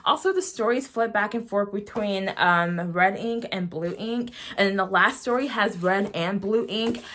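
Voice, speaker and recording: A woman's voice: fairly high pitch, bright, forceful tone, slight background noise. A young woman reviewing her favorite books in a casual vlog, gushing and giggling, with lots of "like" and "oh my gosh". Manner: gushing, giggly, heavy use of "like". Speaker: book vlogger.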